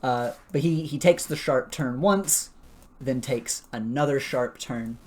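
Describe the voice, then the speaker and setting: A man narrating a tabletop game as game master in a relaxed way, with many "uh" fillers. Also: mid-range voice, a little slow. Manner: relaxed, lots of "uh" fillers, chuckles.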